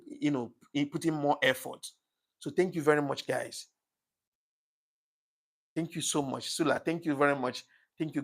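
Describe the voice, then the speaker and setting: Gravelly-voiced man hosting a livestream. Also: on the high side. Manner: apologetic and thankful, repeats thanks often; emotional, says things get to him easily. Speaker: livestream host. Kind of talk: casual live-stream chat reading comments.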